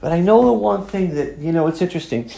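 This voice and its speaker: A man's voice: sits high, animated, quick pace, creaky, dark tone, reverberant. A man preaching a sermon as pastor, emphatic and growing fervent as he drives his points home.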